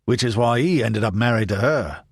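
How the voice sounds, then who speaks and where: A man's voice: mid-range voice, moderate pace, husky, no echo. A man voicing an older veteran soldier, dry and derisive.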